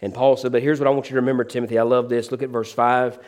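A man's voice: mid-range voice, flat delivery, rapid-fire. A man preaching a sermon as pastor, often calling out "amen?" and acting out the words of the people he quotes. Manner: preacherly, calls out "amen?" to the congregation; voices quoted figures with shifts in pace and loudness.

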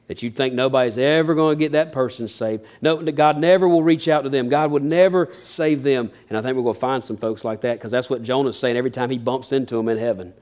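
A man's voice: medium pitch, a little mellow. A man preaching a sermon as a pastor, folksy and earnest, building emphasis as he goes.

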